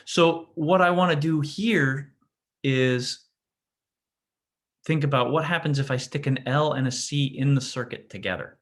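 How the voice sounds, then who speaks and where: In a slightly high, unhurried voice, a man lectures on physics in a relaxed classroom. He frequently breaks off to restart sentences and asks his students "right?" to check in.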